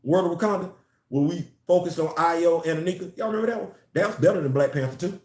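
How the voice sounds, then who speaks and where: A man's voice: a little high, quick pace. Emphatic man ranting in an echoey room. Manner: emphatic, animated, repeats phrases to build a point. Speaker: comics and culture commentator. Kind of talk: casual opinion vlog.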